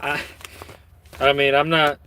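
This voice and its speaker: A man who lives in Michigan hosts his own channel, reading news stories with rambling, sardonic commentary and plenty of swearing. His voice is fairly high and sharp, delivered flatly at a slow pace, with a little hiss or hum in the recording.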